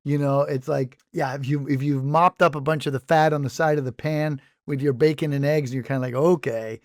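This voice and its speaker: Podcast co-host, male, rambling and jokey, slightly high voice, dry close sound. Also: little pitch movement, a little fast, darkish tone, no room sound. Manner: rambling, self-interrupting, jokey bits. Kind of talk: casual chat.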